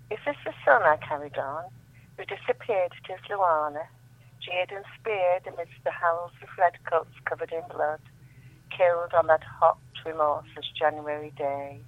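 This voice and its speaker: A woman's voice: lowish voice, dry recording. A woman reading her own poetry aloud as a radio guest, reciting with emotion and rising repeated refrains. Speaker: guest poet on a phone-in. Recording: tinny dry phone line.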